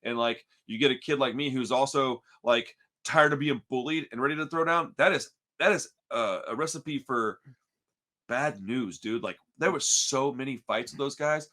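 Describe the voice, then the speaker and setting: A man from Texas telling a story on a podcast in casual chat, slangy and animated, calling everyone dude and bro. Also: medium pitch, normal speed. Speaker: podcast co-host.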